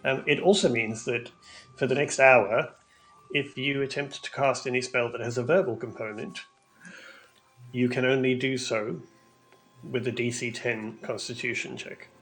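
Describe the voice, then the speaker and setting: A man's voice: mid-range voice, fairly even intonation, moderate pace, a bit bright, faint music behind. A man running a tabletop game as game master, narrating the scene in a hesitant way, full of ums. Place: home room.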